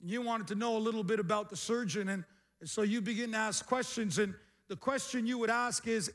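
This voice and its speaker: A middle-aged man preaching a sermon as pastor, energetic, with repeated phrases and calls to the congregation. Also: high-pitched, moderate pace. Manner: energetic, repetitive call-and-response preaching.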